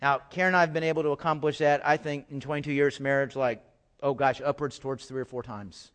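A middle-aged man preaching a sermon, swinging from loud, emphatic outbursts to quiet, low asides and often repeating words as he stresses a point. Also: fairly even intonation, fast, smooth. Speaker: pastor.

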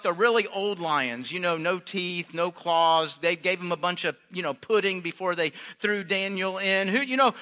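A man's voice: high voice, sharp tone. A man preaching a sermon, reading scripture aloud and adding chatty, joking asides for his congregation. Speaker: pastor.

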